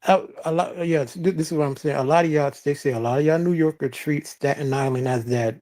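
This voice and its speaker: A man in a casual chat, teasing the others with quick jokes and laughing at his own lines. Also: on the high side, a little mellow.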